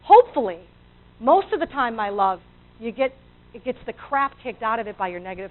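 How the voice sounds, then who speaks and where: A motivational speaker, a woman with a fairly high, lively voice, talks briskly to a live audience. She acts out inner voices and puts questions to the crowd. The audio sounds tinny, like it came through a phone.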